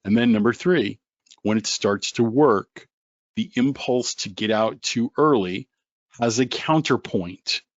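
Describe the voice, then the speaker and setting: A man hosting a live trading webinar, joking and animated as he talks to viewers by name. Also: medium pitch, a little slow, no echo. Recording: dull lo-fi webinar audio.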